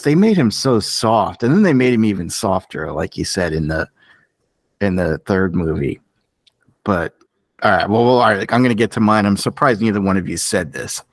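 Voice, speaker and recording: A man with a fairly low voice talks in casual podcast chat, opinionated and animated. His voice leaps up in pitch whenever he stresses a point. The sound is close and dry. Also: dry recording. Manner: animated, opinionated, voice jumps up for emphasis. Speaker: podcast co-host.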